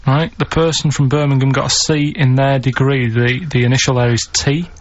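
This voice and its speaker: A man co-presenting on the radio, talking in a plodding, matter-of-fact, deadpan way while reading out quiz clues. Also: mid-range voice, moderate pace. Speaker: radio show co-presenter running a quiz segment. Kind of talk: casual radio banter. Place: radio studio. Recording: dull lo-fi radio recording.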